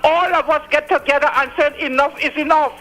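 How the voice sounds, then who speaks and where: A man's voice: very high voice, steady tone, fairly quick, bright, forceful tone, soft background music, poor audio. A man with a Trinidad and Tobago accent from Tobago, calling in to a talk radio show and ranting fiercely, repeating his points. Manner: fiery, repetitive ranting. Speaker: radio caller.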